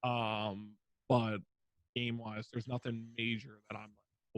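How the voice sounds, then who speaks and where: A man's voice: lowish voice, level tone, takes it slowly, no echo. A young man, a streamer guest on a podcast interview, talking casually with lots of fillers and free swearing. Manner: rambling, filler-heavy, swears freely.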